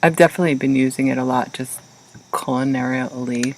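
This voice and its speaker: A podcast co-host with a gravelly, creaky voice joins a casual chat. This co-host speaks with warm enthusiasm and gushes over favorite plants. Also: medium pitch, fairly even intonation, fairly quick, slight background noise, poor audio. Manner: enthusiastic, gushing about plants.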